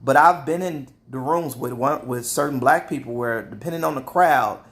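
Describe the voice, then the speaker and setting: A man talking straight to his viewers in a casual opinion monologue, animated, laughing often and repeating words. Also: medium pitch, normal speed. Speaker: vlogger.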